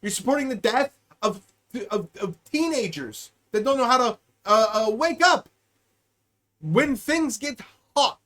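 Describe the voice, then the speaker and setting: A young-adult podcast host ranting sarcastically and profanely on a live stream, swinging between loud outbursts and mutters. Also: medium pitch, expressive, measured pace.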